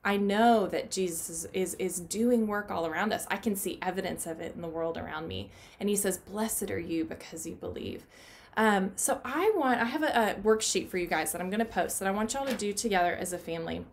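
A woman teaching a children's Bible lesson from her home playroom, talking gently to the kids and asking them questions. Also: medium pitch, a little fast, few pauses, slight background noise.

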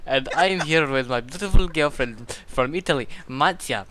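A man doing a loud, cheery impression of a famous YouTuber opening a video. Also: a little high, lively intonation, normal speed. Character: mock famous YouTuber greeting fans, upbeat.

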